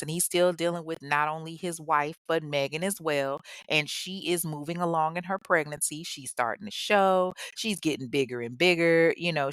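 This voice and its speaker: A woman hosting a podcast, retelling a true-crime case in slangy, chatty, animated casual speech. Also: low-pitched, dry recording, studio quality. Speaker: podcast host.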